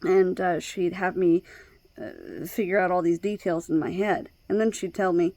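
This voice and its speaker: A woman vlogging in casual personal talk, hesitant, with many pauses, fillers and restarts. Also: on the low side, steady tone, darkish tone, no echo. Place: outdoors at night by her door.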